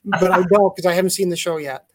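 A man with a notably high voice tells long, wandering stories from his own life. His accent blends English, South African and American sounds. He often backs up and corrects himself mid-sentence. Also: steady tone, fast, darkish tone. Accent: mixed English, South African and American. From England. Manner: rambling, storytelling, self-correcting. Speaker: guest magician. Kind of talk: casual video-call interview.

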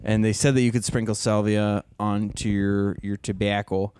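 A man's voice: fairly low pitch, flat delivery, moderate pace, darkish tone, clean tone, dry recording. A man hosting a casual chat, laid-back and swearing freely.

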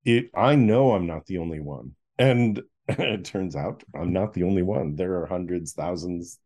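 A middle-aged male author appears as an interview guest, speaking in a deep, slightly slow voice with a darkish tone. He tells a personal story animatedly, acting out scenes and laughing frequently.

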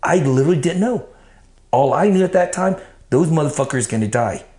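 Speaking fairly quickly in a slightly high, expressive voice with a darkish tone, a man being interviewed lays out his life story in blunt, profane casual talk. He acts out the things he once told himself, and the room echoes.

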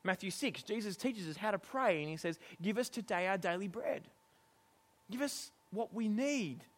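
Lively, high-voiced male preacher. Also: moderate pace. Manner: animated, laughs often, acts out exasperated quotes. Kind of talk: sermon.

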